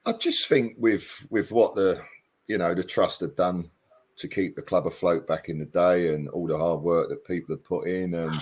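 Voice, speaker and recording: A middle-aged man from England, a former footballer chatting in an interview, hesitant and self-deprecating with many pauses and ums. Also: low voice, fairly even intonation, a little mellow, slightly rough. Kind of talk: casual interview chat.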